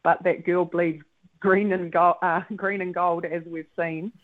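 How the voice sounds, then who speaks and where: A woman's voice: fairly low pitch, level tone, measured pace. A woman netball coach, calling in to a radio show and chatting casually with plenty of fillers. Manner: thoughtful, with frequent fillers and laughs. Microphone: phone call. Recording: tinny phone line.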